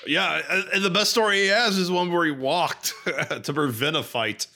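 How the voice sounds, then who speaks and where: A man's voice: high-pitched, moderate pace, pushed and bright. A man co-hosting a casual movie review podcast, making laid-back, wry remarks. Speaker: podcast co-host. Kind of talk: casual film review chat.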